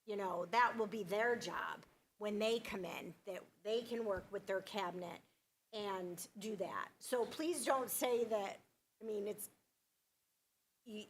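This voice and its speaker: A woman's voice: mid-range voice, slight background noise, low-quality recording. A woman on a school board answering a colleague at a public meeting, insistent and defensive, repeating her denials.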